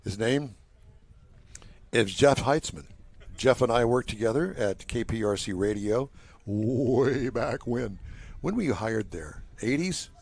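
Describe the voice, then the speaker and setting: A man's voice: medium pitch, lively intonation, measured pace, creaky, slightly rough. An older man hosting a live talk show from a car show, chatty and joking with his co-hosts. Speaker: host. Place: outdoor waterfront car show.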